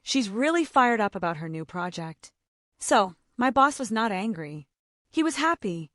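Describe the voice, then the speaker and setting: Clear, lively woman narrating a learner story. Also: mid-range voice, no echo, studio quality. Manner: simple short sentences, slow clear delivery. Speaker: narrator of a graded reader story. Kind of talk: scripted first-person story narration for English learners.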